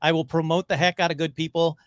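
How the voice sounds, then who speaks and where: Excitable man with a higher voice. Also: no echo. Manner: excitable, gushing, rushes through stories. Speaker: podcast guest, paranormal investigator. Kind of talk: casual interview chat.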